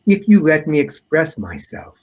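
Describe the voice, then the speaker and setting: A man voicing a homeless man who speaks formally and insists on being heard, in a husky voice. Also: fairly high pitch, wildly swooping pitch, normal speed, darkish tone, voice pushed up, heavily acted. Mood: pleading.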